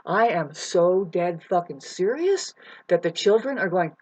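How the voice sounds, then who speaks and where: A self-styled spiritual teacher giving a profane, preachy monologue, swinging between shouting and muttering. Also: medium pitch, expressive, unhurried. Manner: preachy, lecturing the listener.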